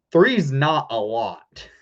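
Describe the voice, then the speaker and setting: A man joins a casual sports chat, speaking slowly and calmly and mostly keeping his replies short. His voice comes through slightly dull, lo-fi audio. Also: mid-range voice. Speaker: guest co-host.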